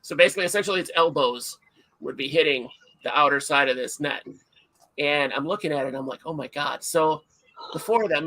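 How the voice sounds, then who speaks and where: A middle-aged man hosts a livestream in casual chat and tells stories with animated, self-mocking energy. His voice sits a little high and sounds bright and forceful, with a gravelly rasp running through it. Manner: animated storyteller, self-mocking, acts out shouts. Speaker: livestream host.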